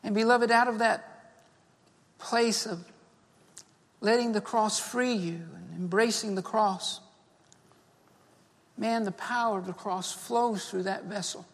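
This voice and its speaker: A pastor preaches a sermon and leads an altar call with fervor, repeating key phrases and punctuating them with "amen" and "beloved." His medium-pitched voice moves slowly with long pauses, and a large hall's long reverb fills the recording.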